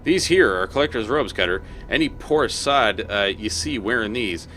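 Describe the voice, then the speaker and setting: An upbeat, ragged corpse collector from a fantasy game chats breezily in a slangy way, as a man puts him on. The voice is pitched higher than usual and bright. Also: animated, normal speed, faint music behind. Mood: breezy.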